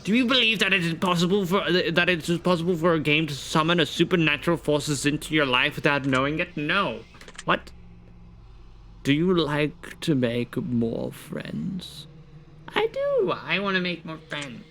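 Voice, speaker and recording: A man with a bright, forward voice reads personality-quiz questions on a live stream and answers each one himself. His talk is loose and casual, with swearing mixed in. A faint hiss sits under the voice. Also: on the high side, moderate pace.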